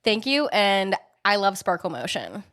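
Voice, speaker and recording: A woman's voice: mid-range voice, sing-song, measured pace, fairly bright tone. A woman co-hosting a podcast, chatting casually with a playful tone and crude jokes. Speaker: podcast co-host. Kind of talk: casual chat.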